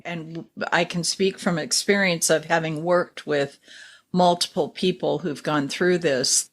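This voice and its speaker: A woman hosting an interview, thanking her guest and speaking from experience with clients. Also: low-pitched. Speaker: podcast host.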